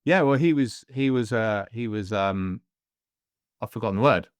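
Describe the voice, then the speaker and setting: A man's voice: on the low side, moderate pace, clear, resonant tone, dry recording. A man hosting a podcast in casual chat, rambling and jokey, often slipping into voices while telling stories, recorded close on a studio mic. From Devon, England. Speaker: podcast host. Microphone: headphones and studio mic.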